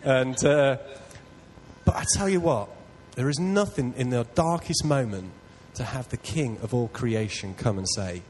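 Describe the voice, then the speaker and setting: A man's voice: mid-range voice, measured pace, a little hiss or hum, poor audio. A man preaching a sermon, telling a personal story in an earnest, self-deprecating way. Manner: earnest, self-deprecating, builds to loud excitement.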